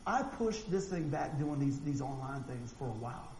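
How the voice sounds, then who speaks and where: A man preaching a sermon, animated and folksy, acting out quotes and often repeating words. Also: medium pitch, moderate pace. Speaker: pastor. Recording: echoey room with faint noise.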